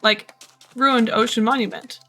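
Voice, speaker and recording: A bright-toned woman with a fairly high voice chats her way through a game stream, rambling and talking to herself, tired from little sleep. Faint music plays under her voice. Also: steady tone, a little slow. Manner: chatty, rambling, self-talking. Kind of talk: casual gameplay commentary.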